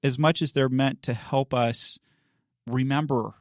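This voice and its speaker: Chatty storytelling pastor, dry sound. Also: male voice, mid-range voice, steady tone, unhurried, no echo. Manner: chatty, laughs often while telling, acts out quoted voices. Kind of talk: storytelling on a church podcast.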